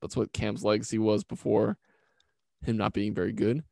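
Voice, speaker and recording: A man's voice: on the low side, little pitch movement, moderate pace, gravelly, a little mellow, no room sound. A man co-hosting a casual sports podcast, talking bluntly and with strong opinions. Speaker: podcast co-host.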